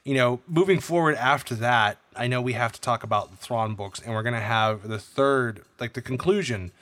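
A young man co-hosting a podcast in casual chat, playful and quick with jokes. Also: medium pitch, a bit bright, no echo. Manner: playful, jokey asides. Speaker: podcast co-host.

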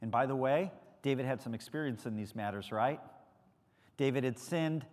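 A man's voice: mid-range voice, moderate pace, a little mellow, long reverb tail. A man preaching a sermon as pastor, speaking conversationally and putting questions to the congregation. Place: church sanctuary.

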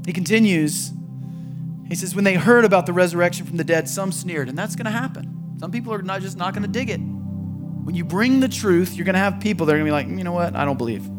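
A man's voice: high voice, brisk, over music. A male pastor preaching a sermon in a conversational way, often acting out the voices he quotes.

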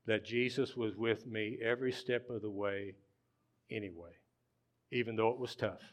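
Slow, earnest male preacher. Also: medium pitch, clean tone. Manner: slow, earnest, pausing often, trailing off softly. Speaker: pastor. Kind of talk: sermon.

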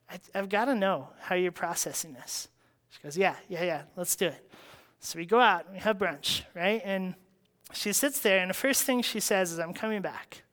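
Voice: medium pitch, a bit bright. Storyteller laughing through a faith story. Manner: acts out dialogue, laughs often. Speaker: house church leader.

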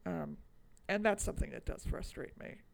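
A woman co-hosting a podcast in casual, animated chat, swearing freely and laughing often. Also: fairly low pitch, normal speed, creaky. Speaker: podcast co-host.

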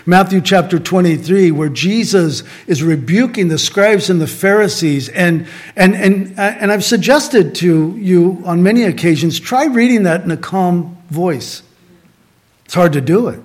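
Speaking in an easygoing, conversational manner, this pastor from Southern California has a voice pitched slightly high. His sermon repeatedly returns to a brief refrain, and he puts rhetorical questions to the congregation.

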